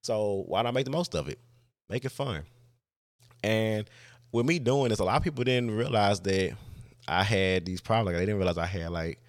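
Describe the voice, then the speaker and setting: A man's voice: lowish voice, expressive, normal speed, dry recording, studio quality. A man hosting a podcast, telling a personal story in a casual, rambling way with lots of "like" and restarts. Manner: rambling, heavy use of "like", frequent restarts. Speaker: podcast host.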